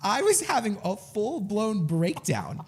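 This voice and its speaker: A young man co-hosting a podcast, telling a story in a casual, animated way and laughing often. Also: sits high, measured pace, husky. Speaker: podcast co-host.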